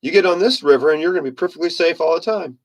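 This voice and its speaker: A man's voice: a little high, rapid-fire. A man voicing a smug, controlling narcissist who coaxes someone with a patronizing, wheedling manner. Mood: coaxing.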